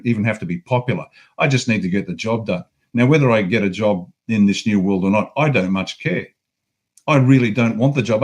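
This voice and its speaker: A man's voice: lowish voice, darkish tone. A man with an Australian accent, a guest on a talk show, delivering an angry, profane political rant with heavy emphasis.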